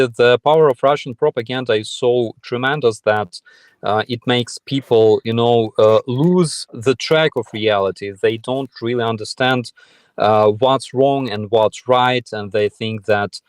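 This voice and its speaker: Host guy, lots of uhs, dry close sound, middle pitch. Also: dry recording. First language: Ukrainian. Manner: halting, many fillers. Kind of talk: panel talk.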